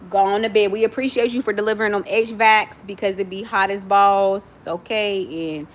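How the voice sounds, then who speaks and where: A woman of forty from Miami, chatting fast and playfully with viewers as host of her own livestream. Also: mid-range voice, fairly even intonation. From Miami, USA. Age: 40s. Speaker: livestream host, nonprofit founder. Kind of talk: casual livestream chat with viewers.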